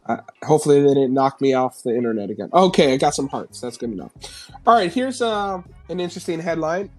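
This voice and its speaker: A man's voice: on the high side, lively intonation, quick pace, faint music behind. A man from New York hosting a live stream, reading news headlines aloud and mocking them with profane, sarcastic asides and frequent laughter. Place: home.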